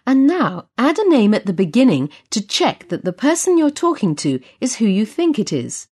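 A woman with a slightly husky voice leads a language lesson, patient and instructive. Her intonation rises and falls in a lively way. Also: fairly high pitch, moderate pace. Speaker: course presenter. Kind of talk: scripted language-lesson narration.

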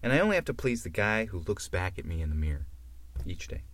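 A man co-hosting a casual chat, animated and quick to laugh. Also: deep voice. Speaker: podcast co-host.

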